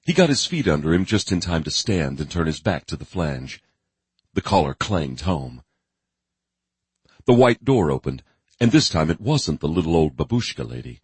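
Deep husky male audiobook narrator. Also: sing-song, dry recording. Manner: measured storytelling with vivid emphasis. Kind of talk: scripted narration of a dark thriller.

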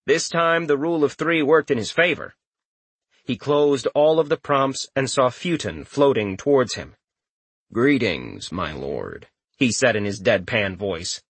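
A man reading an audiobook aloud in a lively, expressive way. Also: medium pitch, normal speed, slightly rough, no echo. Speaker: audiobook narrator. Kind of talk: scripted narration.

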